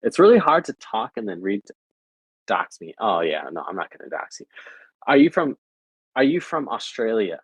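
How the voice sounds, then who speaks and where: Young American male streamer, casual and rambling, husky and low. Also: very animated, moderate pace, dry recording, low-quality recording. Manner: rambling, repeats filler phrases. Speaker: livestreamer chatting with viewers. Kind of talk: casual chat.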